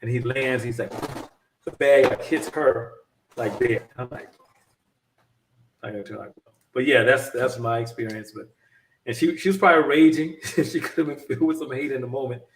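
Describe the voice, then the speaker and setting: A man telling a long story in casual chat, animated and rambling, often restarting his sentences. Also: mid-range voice, moderate pace, reverberant, recorded from a distance, a little hiss or hum. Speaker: podcast co-host.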